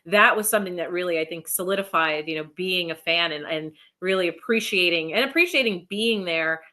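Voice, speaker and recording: A woman who is an independent wrestler, chatting as a guest and telling stories in an animated way. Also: lowish voice, brisk. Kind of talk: casual chat.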